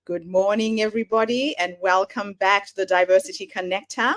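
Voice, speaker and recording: A woman's voice: mid-range voice, fairly even intonation, brisk, soft background music. Effusive woman hosting a podcast. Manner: warm, effusive welcome. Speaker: podcast host. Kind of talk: scripted podcast welcome.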